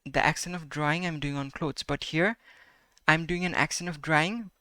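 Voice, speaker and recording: Bright, crisp voice of a male Spanish teacher. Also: on the high side, fairly even intonation, dry recording, clean studio sound. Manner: patient, repeats sentences slowly, checks with "right?" and "okay?". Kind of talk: explaining a grammar lesson.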